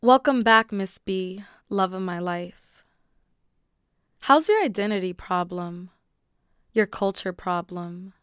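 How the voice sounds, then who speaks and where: A woman's voice: medium pitch, slow, pauses often, a bit bright, smooth, no room sound, clean studio sound. A woman poet reading her own poems aloud, with casual, conversational asides between the recited pieces. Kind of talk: poetry reading with spoken commentary.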